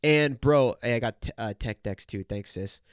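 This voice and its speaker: A man's voice: mid-range voice, moderate pace, clear, resonant tone, no room sound, clean studio sound. A young man hosting a solo podcast, congested and nasal, rambling and joking with lots of swearing. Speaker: podcast host. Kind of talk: casual solo podcast chat. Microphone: podcast microphone.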